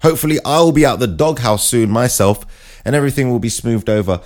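A man tells a story to camera in a chatty, self-mocking way. His voice swings widely in pitch and keeps a mid-range tone throughout, so the anecdote sounds lively and expressive. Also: brisk. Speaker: vlogger. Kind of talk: casual comic monologue.

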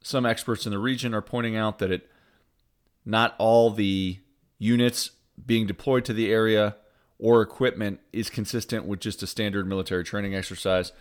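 A man hosting a satirical news roundup in a deadpan, newsreader style with wry asides. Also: fairly low pitch, normal speed, smooth. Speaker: host.

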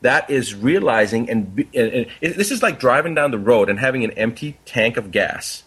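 A man's voice: mid-range voice, lively intonation, moderate pace, a bit bright, slightly rough. A man, a doctor, telling a parable in an earnest conversational way. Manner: earnest, tells a parable with quoted dialogue. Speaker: doctor guest. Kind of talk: conversational storytelling.

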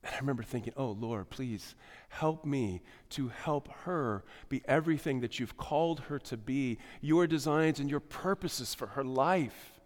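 A man preaching a sermon as pastor, shifting between loud emphasis and quiet asides. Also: mid-range voice, unhurried. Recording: long hall reverb.

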